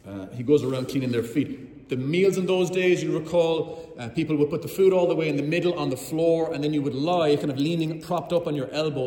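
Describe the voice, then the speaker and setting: A preacher delivers a sermon with vivid storytelling and speaks straight to his listeners. His voice sits slightly high for a man. It rings through a roomy hall with a long reverb trailing behind each phrase. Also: warm tone. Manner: vivid storytelling, addresses the congregation.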